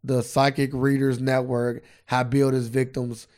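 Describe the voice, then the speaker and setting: With a mid-range, slightly mellow voice, a man talks at a moderate pace in a flat delivery. He's a podcast co-host whose casual chat is loose and profane, and now and then he reads facts aloud from a screen.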